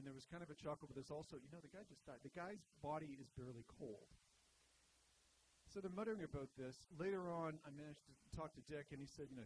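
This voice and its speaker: A man doing stand-up, telling a long workplace story in a wry, conversational manner and turning to the audience now and then. His voice sits a little high for a man, with a faint hum of room noise behind him. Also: darkish tone, rough recording. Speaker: stand-up comedian. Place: live venue.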